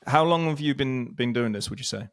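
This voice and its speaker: A man's voice: mid-range voice, brisk, fairly bright tone. Hesitant man asking questions. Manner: brief reactions, hesitant questions. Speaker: podcast host. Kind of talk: casual podcast interview.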